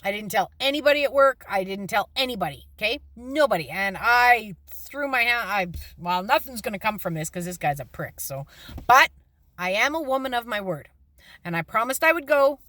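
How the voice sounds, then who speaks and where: A woman's voice: on the high side, no room sound. Middle-aged woman, casual storytelling, blunt and salty, dry close sound. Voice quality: blunt, salty, animated, acts out quoted lines. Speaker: storyteller on her own channel.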